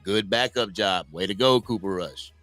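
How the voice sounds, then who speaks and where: A man's voice: lowish voice, moderate pace, a bit bright, dry recording, faint music behind. Punchy, argumentative sports-talk man. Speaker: sports podcast co-host.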